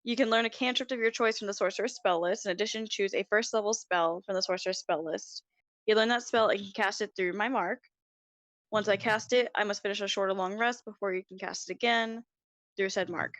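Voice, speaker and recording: A woman playing in a tabletop game, chatting excitedly and reading rules aloud. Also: medium pitch, brisk, dry recording. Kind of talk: casual chat over voice call.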